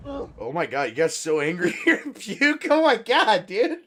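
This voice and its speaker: Male podcast host, lively pitch, sounds a bit high and tired, swears freely. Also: measured pace, noisy background. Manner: laid-back, swears a lot, laughs often. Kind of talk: casual late-night chat reacting to clips.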